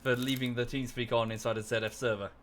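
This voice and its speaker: A man streaming and telling a story over voice chat, animated and swearing freely, talking into a headset. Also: medium pitch, fast, a little hiss or hum. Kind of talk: casual voice-chat banter.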